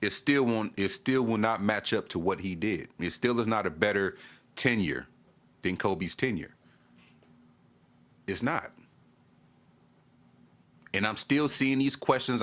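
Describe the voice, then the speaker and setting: A man's voice: on the low side, expressive, measured pace, long pauses, fairly bright tone. A man vlogging a fan rant, exasperated, repeating himself and stammering as he restarts. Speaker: sports vlogger. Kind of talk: ranting fan commentary to camera.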